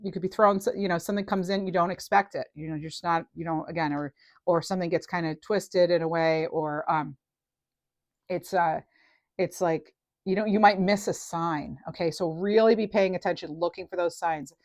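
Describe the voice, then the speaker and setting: A woman's voice: lowish voice, normal speed, dry recording. Chatty woman tarot reader, dry close sound. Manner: chatty, animated, with many fillers and restarts. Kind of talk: casual tarot reading to camera.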